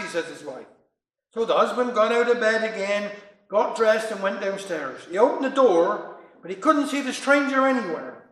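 A man telling dialect jokes in a lively way. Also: sits high, moderate pace. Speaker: storyteller. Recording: roomy echo.

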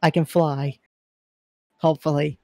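A woman's voice: deep voice, level tone, measured pace, a little mellow, dry recording. A woman playing in a tabletop role-playing game, playful and upbeat in her banter. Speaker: player. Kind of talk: casual tabletop play.

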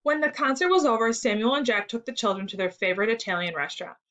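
Lady teacher reading a story to the class, steady and clear, voice a bit on the high side. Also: quick pace. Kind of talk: reading a story aloud for a lesson.

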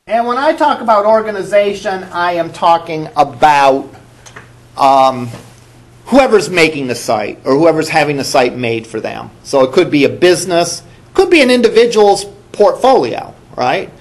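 A man teaching a college class, his fairly high voice rising and falling a lot as he talks. He keeps it conversational, tossing questions out to the room and echoing back the answers he hears. The lecture is recorded in a classroom. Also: animated, normal speed. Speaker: college instructor.

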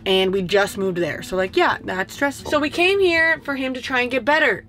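Young woman in her twenties, casual confessional vlog, rambling and frustrated, lots of fillers, fairly high voice. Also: animated, moderate pace. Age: 20s. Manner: rambling, frustrated, thinking out loud; many filler likes. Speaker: vlogger. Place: indoors at home, doing makeup.

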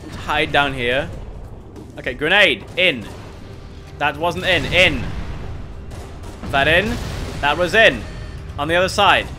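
A man streaming a video game, exasperated, swearing and yelling at enemies. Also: fairly high pitch, takes it slowly, pauses often, soft background music. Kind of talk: gaming commentary.

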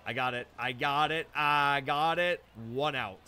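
A young man giving live gameplay commentary, excitable and self-deprecating, breaking into shouts when plays go wrong. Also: fairly high pitch, measured pace, noisy background. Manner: self-deprecating, hard on himself. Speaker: gaming YouTuber.

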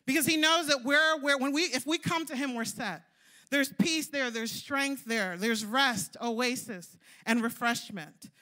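High, bright-voiced woman preaching chattily. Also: measured pace. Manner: chatty, storytelling, lots of "like" and "you know". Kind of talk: sermon.

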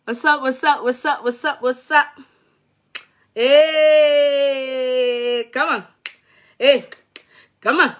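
Bright, high Nigerian woman vlogging. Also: takes it slowly, pauses often. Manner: playful, sings snatches and mixes in Yoruba and Pidgin; laughs often. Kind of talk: casual chat.

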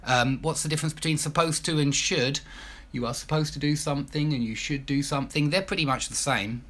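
A man's voice: fairly high pitch, fairly quick, a bit bright. A man from Southend with an Estuary English accent, an English teacher chatting loosely through a live question and answer session, with many ums and restarts. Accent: Estuary English, Essex. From Southend, Essex, England. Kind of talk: live Q&A stream.

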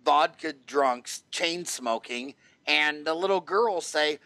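A man's voice: fairly high pitch, very animated, unhurried, pushed and bright, no room sound. A man hosting a podcast interview, asking brash, rambling, jokey questions. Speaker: podcast host. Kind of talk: casual interview. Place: Phoenix.

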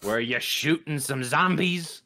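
A woman's voice: low-pitched, unhurried, pushed and bright. A woman joking around as a friend on a live reaction stream. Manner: playful, joking. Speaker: co-host friend. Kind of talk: casual banter on stream.

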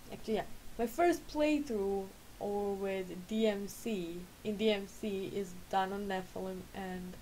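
A woman's voice: medium pitch, warm tone, a little hiss or hum, low-quality recording. A woman in her late twenties, a gaming vlogger just out of bed and sleepy, chatting casually in a rambling, self-correcting way at home. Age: late 20s. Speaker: vlogger and gamer. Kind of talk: casual chat.

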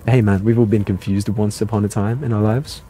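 A young man doing live gameplay commentary, playful and excitable, reading chat and yelping at the action. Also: a little fast, slightly rough. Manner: playful and excitable, jumping to high yelps. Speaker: streamer.

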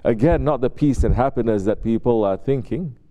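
A man's voice: mid-range voice, fairly quick, dark tone. A man giving a spiritual sermon as a Sufi sheikh, talking conversationally and asking his listeners rhetorical questions. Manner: conversational, asks rhetorical questions and acts out quotes.

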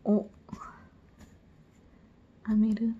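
A woman vlogging an unboxing, gushing with excitement and often dropping into breathy whispered exclamations. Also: mid-range voice, drawn-out words, muffled recording. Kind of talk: unboxing video.

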